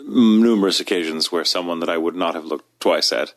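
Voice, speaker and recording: A man co-hosting a podcast in casual chat, playful and animated when he tells a story. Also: sits low, a little fast. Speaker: podcast co-host.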